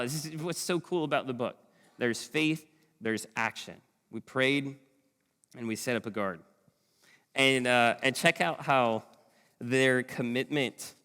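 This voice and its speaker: A man in his thirties preaching a sermon, lively and animated, at times chanting a call-and-response war cry. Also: mid-range voice. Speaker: pastor. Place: church hall. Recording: long hall reverb in a church.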